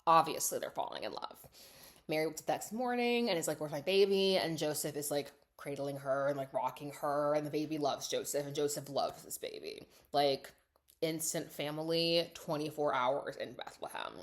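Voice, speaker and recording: Chatty low-voiced woman recapping sarcastically. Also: normal speed. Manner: chatty, sarcastic, heavy "like" and "obviously", acts out quotes. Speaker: writer and coach recapping a movie. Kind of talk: casual storytelling recap.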